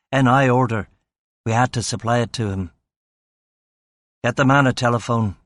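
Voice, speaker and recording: A man narrating a first-person crime novel in a dry, steady manner. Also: medium pitch, no room sound. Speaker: audiobook narrator.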